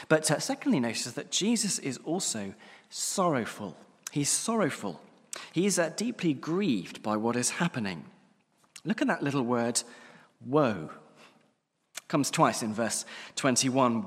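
A man's voice: mid-range voice, sing-song, measured pace, husky, in a large hall. A man preaching a sermon in an earnest, emphatic way, often repeating key phrases for weight.

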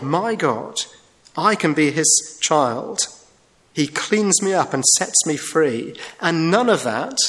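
A man's voice: a little high, a bit bright. Earnest male preacher in a reverberant hall. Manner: earnest, emphatic, slows down for key phrases. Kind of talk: sermon.

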